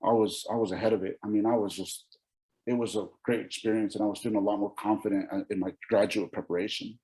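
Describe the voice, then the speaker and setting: A man's voice: fairly low pitch, fairly even intonation, fast, dark tone, rough recording. A man from Oregon, around his forties, giving a keynote speech as a personal testimony, telling his story with emotion, restarts and quoted dialogue. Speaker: keynote speaker.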